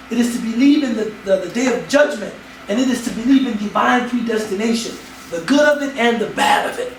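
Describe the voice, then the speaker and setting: A man's voice: very high voice, recorded from a distance, slight background noise. A man giving a humorous, slangy storytelling talk on religion to a student audience in a lecture hall.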